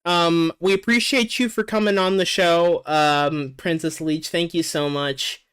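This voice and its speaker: A man's voice: fairly high pitch, steady tone, unhurried, a bit bright, clean tone. A man hosting a casual chat about music tracks, rambling and joking with many fillers. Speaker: podcast host.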